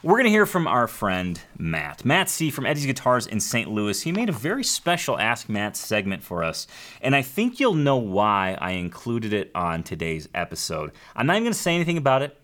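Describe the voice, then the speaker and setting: A man's voice: mid-range voice, huge pitch swings, normal speed, a bit bright. A man hosting a guitar video show, chatty and enthusiastic as he reads out viewer mail and plugs the channel. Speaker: show host. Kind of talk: upbeat YouTube show presenting.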